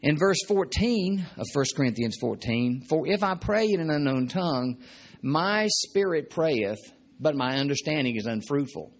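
A man's voice: fairly high pitch, expressive, normal speed. A man preaching a sermon in a conversational, joking way, often repeating his points. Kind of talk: sermon teaching.

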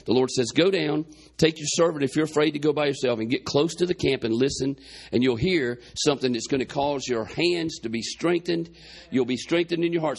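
Male preacher, congested chest, gravelly voice, folksy storytelling sermon. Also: on the high side. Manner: folksy, retells scripture with quoted dialogue.

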